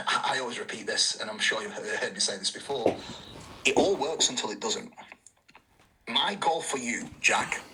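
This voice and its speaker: A man's voice: medium pitch, background noise. A man coaching an athlete, earnest and emphatic, repeating his key points and swearing casually. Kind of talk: coaching talk.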